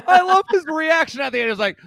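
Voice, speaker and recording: A man with a very high voice runs a joking comedy segment, breaking into chuckles and mock voices as he goes. He is recorded close up with a dry, dead sound. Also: animated, brisk, vocal fry, a bit bright, dry recording. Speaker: podcast host.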